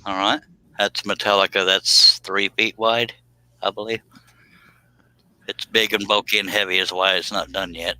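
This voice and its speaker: A man's voice: on the low side, flat delivery, normal speed, pauses often, bright, forceful tone, no echo, rough recording. A man hosting a casual live stream while he carves, easygoing and self-deprecating, laughing often.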